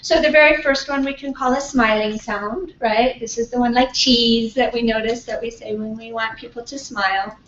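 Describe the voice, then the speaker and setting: A woman professor teaching pronunciation to a class, modelling sounds slowly and patiently. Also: a little high, fairly even intonation, fairly bright tone. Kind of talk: classroom lecture. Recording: far-off, echoey, dull classroom recording.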